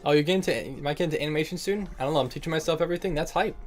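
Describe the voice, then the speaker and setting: A young man livestreams and chats casually with his viewers, his fairly high voice coming out rapid-fire over soft background music. He jokes and laughs often, calling people "bro" and "man."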